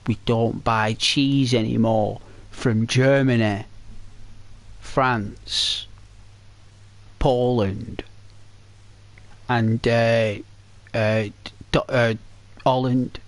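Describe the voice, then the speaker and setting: A man's voice: medium pitch, fairly even intonation, drawn-out words, pauses often. A man streaming a video game, chatting to his viewers in a rambling, chatty way with many restarts. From Britain. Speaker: gaming streamer. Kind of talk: casual chat to viewers while playing.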